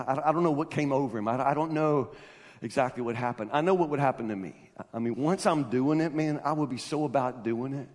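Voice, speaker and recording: A man preaching a sermon as pastor. He talks conversationally, with laughing asides and stammered restarts, and builds up to loud, emphatic passages. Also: mid-range voice. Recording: reverberant hall.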